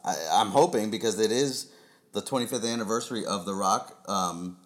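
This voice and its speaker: Laid-back man with a lowish voice. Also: moderate pace. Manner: laid-back, rambling predictions. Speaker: podcast host. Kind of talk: casual chat.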